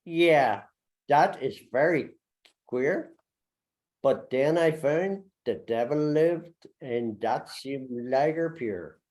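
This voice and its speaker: A man's voice: lively intonation, slow, a little mellow. A man reciting as a jolly, tipsy German immigrant with a German accent. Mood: jovial. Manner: dialect verse recitation, sing-song swings in pitch. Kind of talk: poetry recitation.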